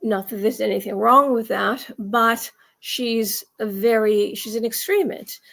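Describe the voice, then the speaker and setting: A woman's voice: a little high, a little slow, creaky, a bit bright. A woman talks straight at her audience in a slightly raised voice and a loose, rambling way. She stops to restart her sentences, leans hard on key words, and keeps circling back to her point. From United States. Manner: rambling, emphatic, frequent restarts. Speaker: commentary vlogger. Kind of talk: casual opinion monologue.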